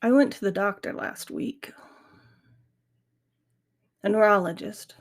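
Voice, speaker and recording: On her grief podcast, the middle-aged host reflects aloud in a casual monologue, candid and earnest. Her voice sits in the mid range, moves at a slow pace, and has vocal fry.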